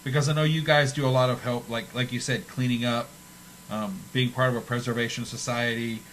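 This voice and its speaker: A man hosting a talk show who asks his guests halting, rambling questions. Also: mid-range voice, fairly even intonation, a bit bright, slight background noise, poor audio. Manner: halting, repeats himself. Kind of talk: casual interview.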